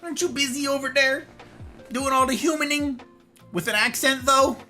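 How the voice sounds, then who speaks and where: A man's voice: very high voice, moderate pace, bright, forceful tone, faint music behind. A man hosting a livestream, chatting casually and reading and answering his viewers' messages aloud. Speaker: livestream host.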